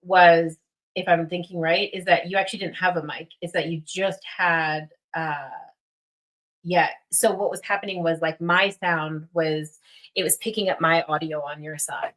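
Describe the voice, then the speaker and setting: Young female streamer, low-ish voice, loose and rambling, gets jazzed up easily. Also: normal speed. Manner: rambling, filler-heavy, excitable. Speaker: livestream host. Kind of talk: casual livestream chat.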